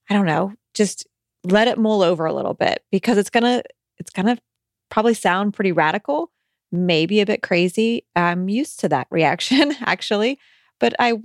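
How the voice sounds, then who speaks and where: A woman's voice: medium pitch, no echo, studio quality. A woman hosting a podcast, reading a listener's letter aloud and then giving reassuring, conversational advice with some hesitant restarts.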